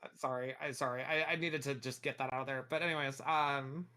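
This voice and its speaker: Bright, sweary American streamer; rambling, casual livestream talk. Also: medium pitch, steady tone, fairly quick, clear, resonant tone. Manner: rambling, swears a lot, restarts sentences.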